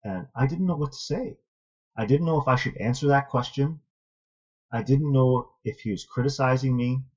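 A man guest telling a personal story in an earnest, thoughtful, measured way. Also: medium pitch, darkish tone, breathy edge. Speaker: interview guest, martial arts student. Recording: dull lo-fi audio.

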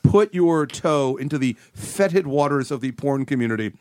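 A man's voice: mid-range voice, lively intonation, normal speed, darkish tone, dry recording. A man casually telling rambling, crude, self-deprecating stories as a guest. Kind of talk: casual storytelling.

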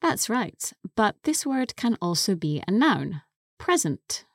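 A woman co-hosting a podcast English lesson, explaining words slowly and carefully into a close studio mic. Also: mid-range voice, big pitch swings, creaky, slightly rough, no room sound. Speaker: co-host and English teacher.

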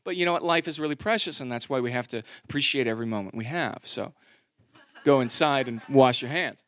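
A man in his thirties performing a stand-up comedy set, telling a story with animated delivery and acted-out quotes. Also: mid-range voice, a little fast.

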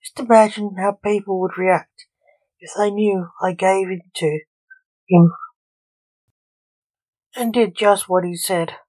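A woman's voice: mid-range voice, steady tone, slow, pauses often, a little mellow, dry recording, low-quality recording. A woman reading as a proud, grieving coroner. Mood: earnest.

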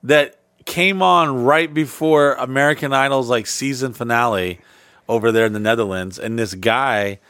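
A man's voice: medium pitch, moderate pace, a bit bright, clear, resonant tone, no room sound, studio quality. A man hosting a podcast, telling rambling stories in casual, profane chat. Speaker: podcast host.

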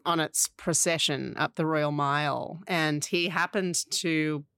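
A woman co-hosting a podcast, chatting casually about pop culture, quick to react and laugh. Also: low voice, fairly even intonation, a bit bright, clear, resonant tone, no echo, studio quality. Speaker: podcast co-host. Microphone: remote call-in mic.

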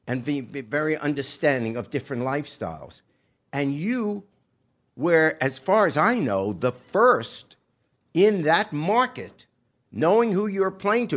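A man's voice: mid-range voice, a bit bright. Musing man hosting an interview. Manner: musing, halting, full of restarts. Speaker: interview host. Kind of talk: casual interview.

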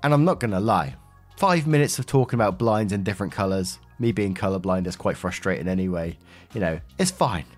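A man's voice: low-pitched, expressive, fairly quick, faint music behind. A man reading an online post aloud and then chatting about it in a casual, conversational way. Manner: chatty, conversational, with fillers and asides. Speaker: host reading and commenting on online posts.

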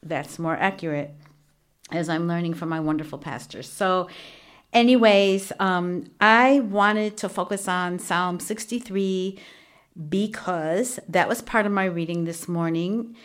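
A woman's voice: fairly low pitch, unhurried. A woman hosting a solo devotional podcast from a small home studio, talking earnestly and chattily with many fillers. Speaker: podcast host. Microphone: studio microphone with earphones.

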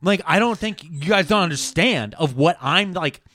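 A man's voice: sits high, animated, moderate pace, sharp tone, dry recording, studio quality. A man co-hosting a podcast, telling a story in a casual, jokey, profane way. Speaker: podcast co-host.

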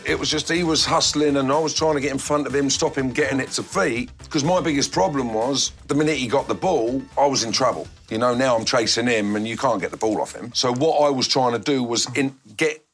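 A man, a former footballer, telling blunt, animated stories from his playing days and putting on voices when he quotes people. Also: medium pitch, brisk, hardly any pauses, soft background music. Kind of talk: anecdotal storytelling in a documentary interview.

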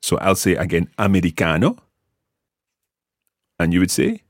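A Scottish man with a very low, husky voice leads a podcast language lesson. His pitch rolls up and down a lot as he patiently explains and repeats each word. The recording is close and dry. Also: huge pitch swings, fast talker, dry recording. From Scotland. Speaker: language teacher and host.

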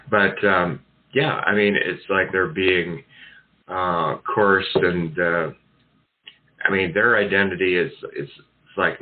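A man hosting a talk radio show, rambling through opinions with many fillers and restarts. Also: deep voice. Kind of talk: casual talk radio commentary. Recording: tinny phone-like sound.

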